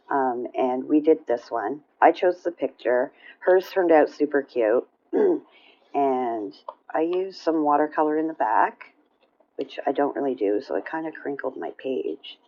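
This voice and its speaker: A woman chatting casually about her coloring pages, rambling with fillers and clearing her throat often. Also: a bass voice, dull audio. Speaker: coloring vlogger. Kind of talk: casual show-and-tell chat.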